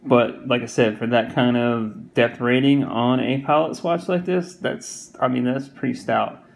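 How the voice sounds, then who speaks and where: A man's voice: mid-range voice, unhurried, vocal fry, slight background noise, poor audio. A man with a Southern US accent giving a casual, rambling product review, full of fillers and repeated phrases. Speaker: watch reviewer.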